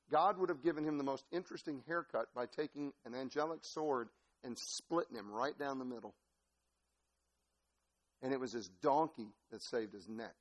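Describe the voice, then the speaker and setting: A man preaching a sermon as pastor, telling a story in an animated, folksy way with laughter. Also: mid-range voice.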